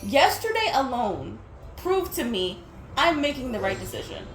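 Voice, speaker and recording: Exasperated young woman venting, high voice. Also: sing-song, moderate pace, slight background noise. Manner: candid and exasperated, swears freely, stumbles and restarts. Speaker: vlogger. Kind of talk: casual storytime rant. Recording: roomy echo, faint music.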